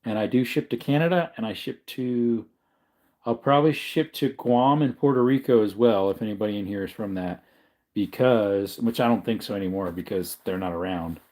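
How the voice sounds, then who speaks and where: Hosting a casual livestream, this man rambles and keeps correcting himself, sounding relaxed but tired and yawning. His voice sits on the low side at normal speed.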